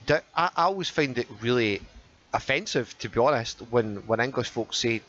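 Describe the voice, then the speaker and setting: A man's voice: medium pitch, a little fast. A Scottish man hosting a podcast in casual chat, swearing freely and telling stories with put-on voices. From Scotland. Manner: sweary, animated storytelling with mock voices. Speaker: podcast host. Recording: muffled podcast audio with faint background noise.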